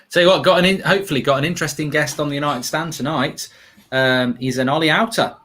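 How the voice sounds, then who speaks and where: A man's voice: medium pitch, a bit bright, breathy edge. A man hosting a casual football watchalong, talking in a rambling, chatty way and reading out viewer comments. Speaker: watchalong host.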